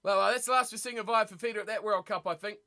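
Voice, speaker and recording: A man's voice: sits high, fairly even intonation, very fast, sharp tone. A man hosting a rugby watch-party stream, ranting bluntly in casual chat and reacting to viewer comments.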